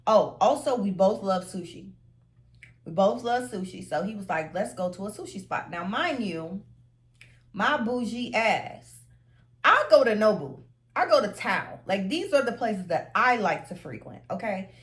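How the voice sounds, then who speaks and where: Young woman vlogger, crisp bright voice, animated storytelling. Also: medium pitch, unhurried. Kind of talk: storytime vlog.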